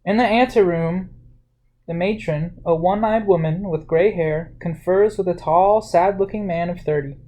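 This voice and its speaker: A storyteller reads a novel aloud in a plain, unhurried way. The voice sits at a mid pitch and stays even. Now and then a word slips and gets corrected. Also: poor audio. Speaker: audiobook narrator. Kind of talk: storybook reading.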